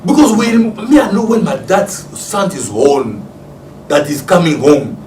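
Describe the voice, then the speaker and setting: Congolese pastor preaching in an echoey room. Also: male voice, high-pitched, measured pace. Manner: storytelling, acts out family scenes with loud excited shouts and laughter. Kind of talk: sermon. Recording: echoey room, distant mic, faint background hiss.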